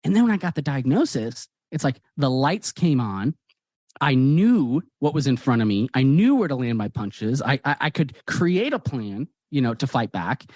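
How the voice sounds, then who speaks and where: Man, guest author, animated storytelling, acts out dialogue, dry close sound, mid pitch. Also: moderate pace, no room sound. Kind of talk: conversational storytelling.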